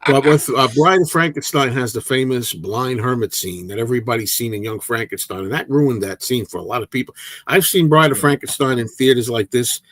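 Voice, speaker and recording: A man hosting a casual movie chat livestream, telling an animated anecdote with frequent restarts and repeated words. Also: medium pitch, fairly quick, no echo. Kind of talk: casual storytelling to a live chat.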